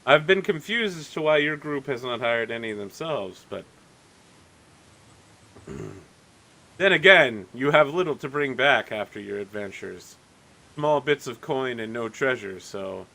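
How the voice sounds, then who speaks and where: A man's voice: medium pitch, animated, a little slow, creaky, pushed and bright, exaggerated voice. A man voicing a shrewd, mercenary male tavern informant who talks in a smug, sly way. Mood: condescending.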